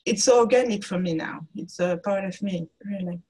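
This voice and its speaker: A woman's voice: mid-range voice, moderate pace, mellow, breathy edge, low-quality recording. A woman artist speaking as a guest on a video-call interview, thoughtful and searching for her words. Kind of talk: reflective interview talk.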